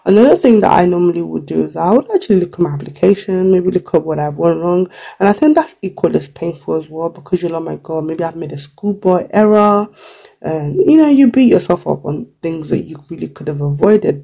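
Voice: medium pitch, vocal fry, mellow, slightly rough. A vlogger talking casually to camera with lots of "like" and "you know", now and then acting out short quotes. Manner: chatty, full of "like" and "you know", acts out little quotes. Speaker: vlogger giving career advice.

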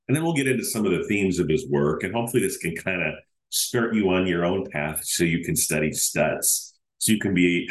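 Chatty low-voiced man in an echoey room. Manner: chatty and rambling, with fillers and self-corrections. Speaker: podcast host. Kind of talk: casual solo podcast. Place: home setup in Iowa.

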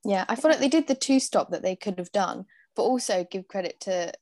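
Brief: woman, mid voice, measured, dry close recording. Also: medium pitch, animated, darkish tone, no room sound. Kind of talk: casual chat.

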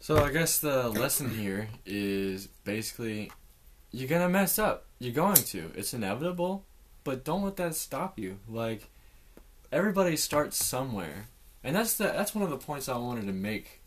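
A man's voice: medium pitch, very animated, normal speed, a little hiss or hum. A man from Richmond, Virginia, a podcast guest and YouTuber, chatting in an easygoing, earnest way. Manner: easygoing, short agreements, earnest when making a point. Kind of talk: casual chat.

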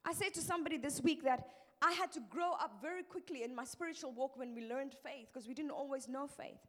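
A middle-aged woman preaches with a lively, emphatic delivery. Her voice sits high, and she shifts it to act out the people she quotes. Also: a little fast. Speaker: pastor's wife preaching. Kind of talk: sermon.

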